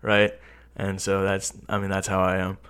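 A young man chatting casually as a guest, rambling in a relaxed way and often tagging his sentences with "right?". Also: deep voice, fairly quick, clear, resonant tone. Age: young adult. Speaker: interviewee. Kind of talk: casual chat.

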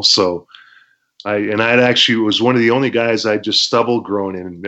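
Guest, man from Canada: low voice, relaxed storyteller who acts out quotes, lo-fi podcast sound. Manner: laid-back, laughs often, acts out quotes. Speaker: wrestler telling stories as guest. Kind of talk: casual storytelling interview. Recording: dull lo-fi podcast audio.

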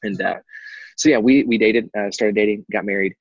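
Fast-talking deep-voiced man, husky. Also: fairly even intonation, dry recording, muffled recording. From Texas. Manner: candid, rambling with many fillers. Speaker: guest. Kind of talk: personal story in conversation.

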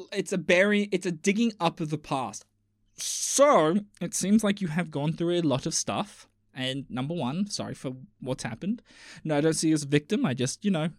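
An excitable man with a somewhat high voice, reading posts to his stream and breaking into loud outbursts and curses. The sound is dry and close, with no room in it. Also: no echo. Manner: excitable, swears, bursts into loud exclamations. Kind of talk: casual chat with commentary.

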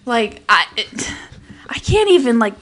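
A woman's voice: fairly high pitch, very animated, a little slow, fairly bright tone. A young adult woman as guest co-host in casual podcast chat, talking animatedly with lots of filler words.

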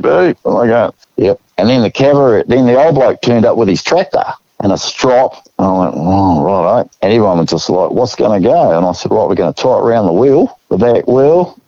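A man with an Australian accent telling a story in a relaxed, casual way, acting out what people said, with the odd chuckle. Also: lowish voice, dry recording, highs cut off. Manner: laid-back yarn-spinner, acts out quotes with chuckles. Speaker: guest.

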